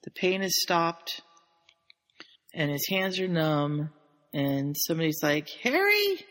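A woman co-hosting a podcast, casually retelling a story in an animated way and laughing often. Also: low-pitched, takes it slowly, big-room sound. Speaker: podcast co-host.

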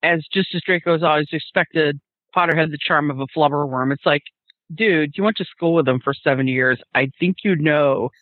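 A man co-hosting a casual book-discussion podcast, giving animated, amused commentary. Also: on the high side, normal speed, no room sound. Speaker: podcast co-host. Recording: tinny phone line.

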